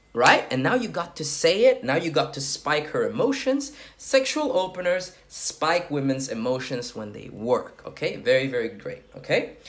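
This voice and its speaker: A man coaching on approaching women, talking bluntly and crudely and checking in with "okay?" as he goes, while sweating. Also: high voice. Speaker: dating coach. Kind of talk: casual talking-head advice.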